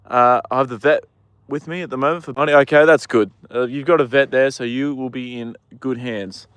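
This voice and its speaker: A man's voice: mid-range voice, fairly even intonation, fairly quick, fairly bright tone, clean tone, no room sound. A man hosting a casual live stream outdoors by a horse paddock, rambling and answering viewer comments, with the odd swear word.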